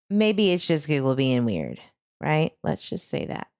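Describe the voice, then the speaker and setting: Low-voiced woman hosting true crime chat. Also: darkish tone, no echo, studio quality. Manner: frustrated, talks to viewers, laughs between remarks. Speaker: true crime channel host. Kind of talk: casual chat to viewers while searching online.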